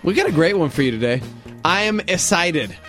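A male morning radio host with a voice set high for a man. He is playful and keeps the segments rolling with energy. Faint music plays underneath. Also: very animated, fairly quick, a bit bright. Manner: playful, hyped, keeps the show moving.

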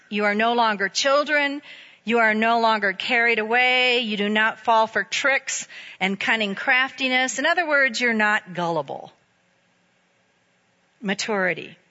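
Woman preacher, sermon, bright clear voice, a bit high, lively and conversational, dull lo-fi sound.

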